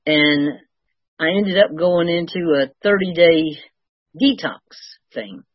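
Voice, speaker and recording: A woman's voice: on the low side, takes it slowly, dry recording, muffled recording. An older woman sharing her recovery story with wry, self-mocking humor. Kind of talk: personal testimony, storytelling.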